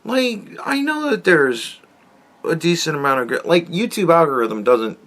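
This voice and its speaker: A man's voice: a little high, very animated, moderate pace, fairly bright tone. A man hosting his own show, ranting alone in a casual, exasperated and sarcastic way, swearing and restarting his sentences often. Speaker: podcast host. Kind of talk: casual solo rant.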